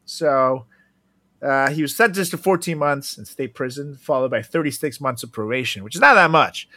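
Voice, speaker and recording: A man's voice: medium pitch, normal speed, no room sound. A young man co-hosting a podcast, chatting casually and laughing often. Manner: laughs often, animated, swings between quiet and loud. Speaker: podcast co-host. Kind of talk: casual chat.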